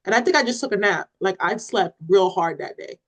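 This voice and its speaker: On a parenting podcast, a woman co-host recounts a story in casual conversation, performing people's lines and laughing along. Her mid-range voice moves fairly quickly over a low-quality recording.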